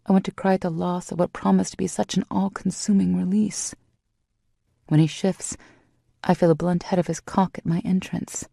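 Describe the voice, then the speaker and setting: A woman with a lowish, dark, husky voice heavy with vocal fry narrates a first-person romance audiobook. Her delivery is intimate and steady at a moderate pace, and the recording is close and dry.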